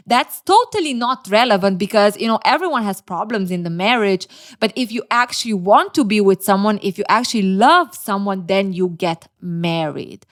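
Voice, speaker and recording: A woman recapping and reviewing a reality dating show in casual commentary, blunt and opinionated, openly emotional. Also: medium pitch.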